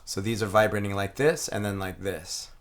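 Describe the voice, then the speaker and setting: A man teaching a didgeridoo rhythm, calmly explaining and chanting the rhythm syllables aloud. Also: fairly low pitch, moderate pace, very noisy. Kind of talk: explaining a playing technique.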